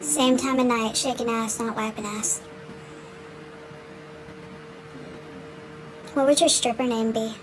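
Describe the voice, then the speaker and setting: A woman in a comic skit, speaking in a flat, offhand way. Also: on the high side, normal speed, over music, rough recording. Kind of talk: comedic skit.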